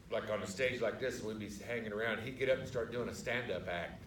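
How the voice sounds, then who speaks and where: A man's voice: fairly low pitch, fast. A male actor chatting loosely about his memories at a live theater Q&A, with fillers and frequent "I mean". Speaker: actor guest on a panel. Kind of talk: casual recollection at a live Q&A. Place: theater stage in front of an audience. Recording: echoey, distant mic with background noise.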